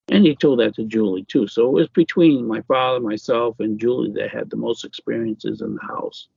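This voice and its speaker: Gravelly-voiced man with halting speech. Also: mid-range voice, big pitch swings, a little mellow, no echo, muffled recording. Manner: halting, many fillers and restarts. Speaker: author guest. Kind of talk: casual interview.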